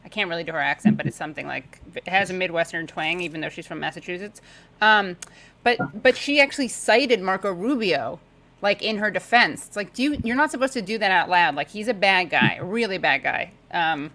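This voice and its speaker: A woman guest talking politics in casual chat, sarcastic and talkative, with quick asides. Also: lowish voice, expressive, sharp tone, rough recording. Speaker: podcast guest.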